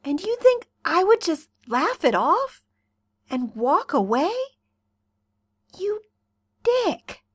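Woman reading as a cheery young guy, bright, casual, lively pitch, dry sound. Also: takes it slowly, long pauses, dry recording, heavily acted. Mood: earnest. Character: cheerful, easygoing young man. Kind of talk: fan fiction reading.

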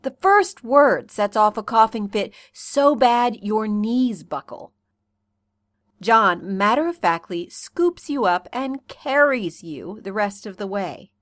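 A woman reading a fan fiction story aloud in soft, second-person narration. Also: mid-range voice, big pitch swings, slow, no echo. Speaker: reader.

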